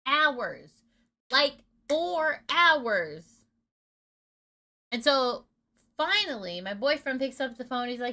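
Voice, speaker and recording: Blunt, bright-voiced woman telling a story. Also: high-pitched, very animated, takes it slowly, long pauses. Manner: candid and blunt, swears freely. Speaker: gaming streamer. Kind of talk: casual storytelling.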